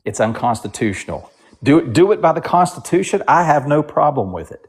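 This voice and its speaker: A man's voice: on the high side, big pitch swings, a little fast. Insistent man lecturing in a debate. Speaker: debate guest. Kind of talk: casual political debate.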